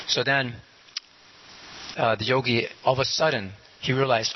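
A man's voice: mid-range voice, steady tone, normal speed, slight background noise. A man casually retelling a parable, rambling with many fillers and acting out the characters' lines. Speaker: storyteller. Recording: muffled lo-fi recording.

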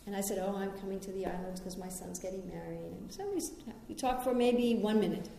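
A middle-aged American woman from New York gives a conversational spiritual talk. She tells personal stories in a gently reflective way. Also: mid-range voice, fairly even intonation, fast, vocal fry, a little hiss or hum. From New York, United States. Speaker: spiritual teacher. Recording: very echoey room.

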